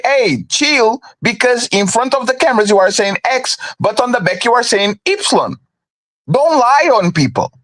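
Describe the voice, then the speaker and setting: A man with a high-set voice argues his case emphatically on a live stream. He keeps asking "right?" to drive each point home, heated and insistent. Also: a bit bright. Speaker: stream co-host.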